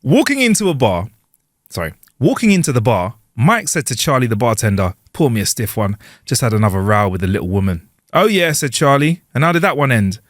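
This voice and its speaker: A man's voice: mid-range voice, very animated, brisk, no echo, studio quality. A man co-hosting a casual podcast, telling jokes and acting out the voices, laughing often. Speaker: podcast co-host. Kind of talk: casual joke-telling chat. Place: home studio. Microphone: wireless clip-on mic.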